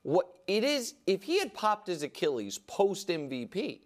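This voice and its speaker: Man, high-pitched, argumentative, sports debate host. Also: big pitch swings, moderate pace. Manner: emphatic, argumentative, stacks points. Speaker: sports talk show host. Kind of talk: fast debate-style sports talk.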